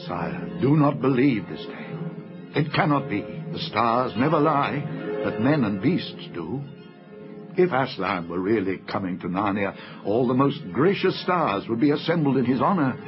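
Man doing a solemn old centaur seer, low and deep, storybook tone, slightly muffled recording. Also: animated, unhurried, over music, lightly acted. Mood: grave. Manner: solemn, earnest pronouncements. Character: grave old male centaur, stargazer, deep-voiced. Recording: slightly dull lo-fi audiobook recording.

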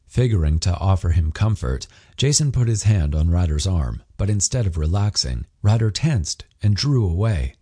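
A man narrating a romance audiobook in an expressive, storytelling manner. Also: low-pitched, normal speed, breathy edge. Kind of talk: scripted narration.

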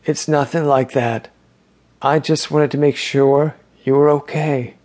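A male audiobook narrator voicing a calm, tender man who speaks quietly to his partner. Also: fairly high pitch, measured pace, natural voice. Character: calm gentle male partner, a ghostly visitor.

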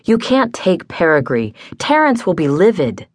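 A woman's voice: lowish voice, sing-song, moderate pace, no echo, pitched above the performer's own voice. A woman voicing an angry, frightened woman in an audiobook, speaking sharply and indignantly.

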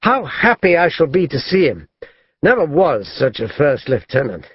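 A man voicing a brisk, kindly middle-aged naval captain who speaks in hearty, clipped commands. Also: a little high, very animated, husky, no room sound, lo-fi sound.

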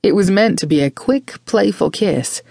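Brief: woman audiobook narrator, measured and expressive, with a gravelly edge. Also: medium pitch, no echo, clean studio sound. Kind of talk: scripted narration.

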